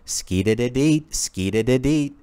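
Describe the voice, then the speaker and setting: A man's voice: mid-range voice, lively intonation, a little slow, warm tone, smooth, no room sound, pitched above the performer's own voice, natural voice. A man voicing a manic male character who babbles singsong scat nonsense.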